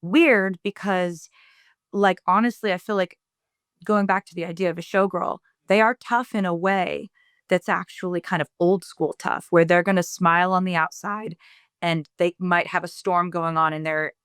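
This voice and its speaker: A woman's voice: on the low side, steady tone, moderate pace, a bit bright, smooth, dry recording, clean studio sound. A woman songwriter in a casual interview over a video call, thinking aloud and searching for her words as she explains her writing. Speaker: singer-songwriter guest.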